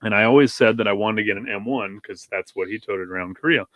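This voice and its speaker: A man's voice: on the low side, quick pace, a bit bright, dry recording. A man, a pastor and podcast guest, telling a story in a casual, rambling way, often correcting himself and wandering off on tangents.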